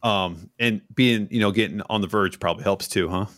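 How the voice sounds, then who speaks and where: A man's voice: on the low side, a little fast, a bit bright. Laid-back male podcast host. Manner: laid-back, chatty, filler-heavy. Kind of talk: casual interview chat.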